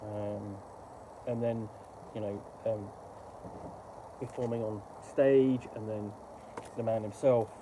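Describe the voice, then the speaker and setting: A middle-aged man giving casual, rambling, halting commentary while unboxing a book. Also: fairly low pitch, level tone, noisy background.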